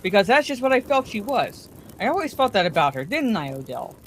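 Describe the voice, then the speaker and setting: A woman's voice: medium pitch, big pitch swings, fairly quick, slight background noise, lightly acted, poor audio. A woman voicing a gushing, gossipy middle-aged wife who chatters on, self-satisfied, in a bedtime story reading.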